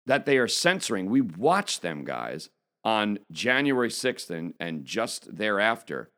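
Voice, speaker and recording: A man's voice: lowish voice, fairly bright tone. A man giving an indignant opinion monologue as a political commentator, speaking emphatically. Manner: emphatic, indignant, reads quotes aloud.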